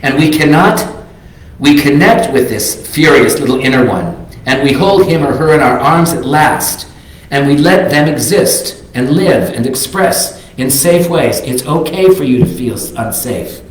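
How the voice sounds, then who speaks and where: A man's voice: medium pitch, lively intonation, unhurried. An older man giving a reflective, earnest sermon as a minister, reading quotes aloud. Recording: very echoey sanctuary.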